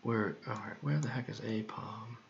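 A man's voice: lowish voice, normal speed, vocal fry, slight background noise. A man thinking aloud while he works, muttering to himself and repeating words over and over. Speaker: creator working on a song. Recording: dull lo-fi recording.

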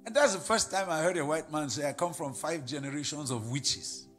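Nigerian man preaching with high pitch. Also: a little fast, faint music behind. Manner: storytelling, quoting people in put-on voices, rising to laughing shouts. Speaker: pastor. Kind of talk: sermon.

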